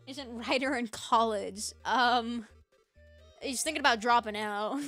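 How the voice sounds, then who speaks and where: A woman's voice: a little high, slow pace, long pauses, fairly bright tone, soft background music. An American woman with a Valley Girl accent, chatting casually on a live stream and giggling as she reads chat. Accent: Californian Valley Girl. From United States. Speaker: VTuber streamer.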